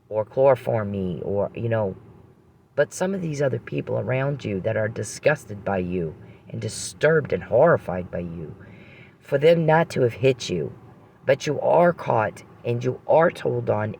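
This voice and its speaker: A man's voice: medium pitch, animated, measured pace, creaky, darkish tone, slight background noise. A man delivering an angry, accusing rant aimed straight at one person. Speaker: channel host. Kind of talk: confrontational direct-to-camera rant.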